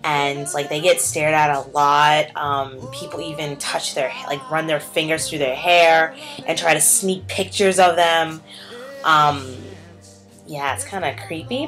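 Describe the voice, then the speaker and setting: A woman's voice: fairly low pitch, poor audio. A young woman and teacher in a casual vlog chat, rambling with lots of "like" and "um" and acting out what people said. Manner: chatty, heavy on "like" and "um", acts out quotes. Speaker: vlogger.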